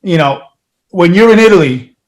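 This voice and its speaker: Profane, animated New York man telling stories. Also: sits high, moderate pace. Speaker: guest musician. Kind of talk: casual interview storytelling.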